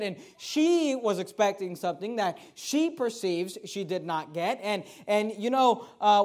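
A pastor preaching a sermon in a lively, conversational style, rising loud and dropping to soft asides. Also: male voice, high voice.

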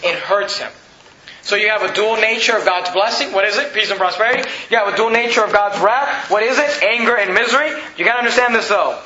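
A man preaching a sermon as pastor, building to emphatic shouts, recorded in a church. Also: high-pitched, fast talker. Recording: echoey room, dull lo-fi sound.

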